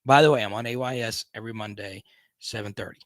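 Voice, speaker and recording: A man's voice: lowish voice, fast, fairly bright tone, no echo. A man hosting a casual live stream, chatting and reading viewer comments aloud.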